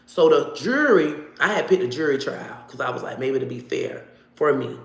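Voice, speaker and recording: Animated woman telling a profane story. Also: a bass voice, moderate pace, reverberant. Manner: animated, profane, acts out dialogue. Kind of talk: casual storytelling to camera.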